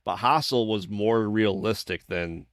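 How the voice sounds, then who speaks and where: A man hosting a podcast talks in a very low voice, easygoing and casual, often restarting his sentences. The sound is dry and close to the mic. He keeps agreeing with his guest. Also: unhurried, no echo. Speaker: podcast host. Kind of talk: casual conversation.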